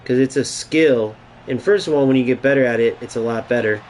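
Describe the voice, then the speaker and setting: A man's voice: mid-range voice, brisk, a little mellow, a little hiss or hum. A young man giving casual, profane running commentary while playing a football video game, trash-talking his opponent. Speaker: gaming streamer. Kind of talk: live gameplay commentary.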